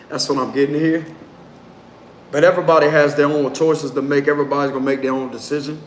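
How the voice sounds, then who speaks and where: A man doing a casual live tarot reading, talking in a loose, slangy way and prone to giggling. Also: fairly high pitch. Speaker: tarot reader. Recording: roomy echo, faint background noise.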